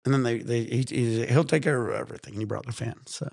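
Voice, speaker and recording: A man hosting a relaxed vlog, rambling and swearing freely in casual chat while high. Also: fast, gravelly, dry recording, studio quality. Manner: rambling, profane, laid-back. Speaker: vlog host.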